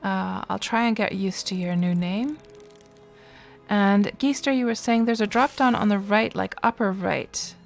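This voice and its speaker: A woman's voice: mid-range voice, unhurried, creaky, soft background music. A woman streaming a game live, chatting casually with viewers and reacting to the gameplay between replies, speaking into a desk microphone. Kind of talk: casual live-stream chat while playing.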